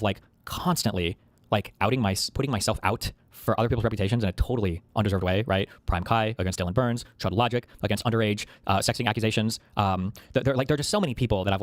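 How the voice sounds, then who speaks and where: Fast, profane, ranting man. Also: fairly low pitch, no room sound. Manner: profane, rambling rant; heated, agitated. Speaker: streamer. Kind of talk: casual chat.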